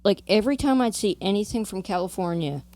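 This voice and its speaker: A woman's voice: mid-range voice, animated, quick pace, a little mellow, dry recording. A woman from New Jersey co-hosting a podcast, chatting casually and rambling off on tangents with lots of "like". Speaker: podcast co-host. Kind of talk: casual chat.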